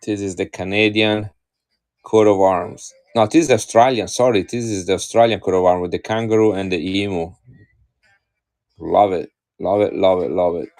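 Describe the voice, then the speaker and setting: Low-voiced man selling coins live. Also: fairly even intonation, moderate pace, a little mellow. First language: Italian. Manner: chatty, enthusiastic, addresses viewers directly. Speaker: live-stream coin seller. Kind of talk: casual live-stream selling chat.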